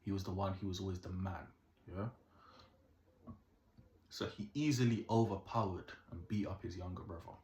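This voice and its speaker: Young Caribbean-born male storyteller, very deep voice, lively and preachy, roomy echo. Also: normal speed, long pauses. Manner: animated, keeps asking "yeah?", moralizing. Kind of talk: casual storytelling to camera. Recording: echoey room.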